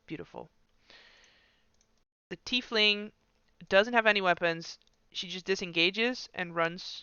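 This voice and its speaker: Bright, crisp-voiced game master. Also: male voice, sits high, no echo, muffled recording. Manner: relaxed, chatty, puts on quick voices for figures. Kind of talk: narrating a tabletop game.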